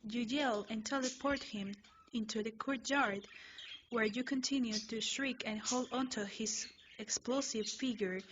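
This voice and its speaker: A woman reads a second-person fanfiction story aloud in a plain, slightly stumbling way. Her voice sits a little high. The sound is slightly muffled, with a faint hiss from a home recording. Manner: plain reading with small stumbles. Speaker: fanfiction reader.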